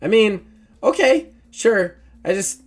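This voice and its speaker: A game master voicing Lila, a nervous, awkward young woman with a squeaky, cracking voice. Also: lively intonation, slow pace, darkish tone.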